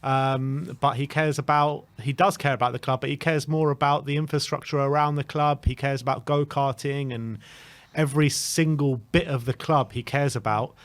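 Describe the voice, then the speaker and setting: Animated man hosting a fan show. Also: mid-range voice. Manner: animated, emphatic, repeats himself. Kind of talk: casual football fan chat.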